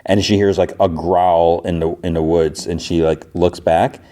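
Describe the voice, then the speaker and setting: A man hosting a podcast, casually recapping an episode in a loose, rapid way, quoting characters as he goes. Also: sits low, flat delivery, mellow. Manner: rapid retelling with "he's like" quotes, loose restarts. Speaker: podcast host.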